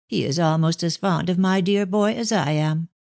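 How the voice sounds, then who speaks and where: A woman's voice: fairly low pitch, normal speed, vocal fry, no room sound, clean studio sound. A woman voicing a talkative old nurse who fusses over a girl with fond, confiding talk. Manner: warm and fussing, with "my dear".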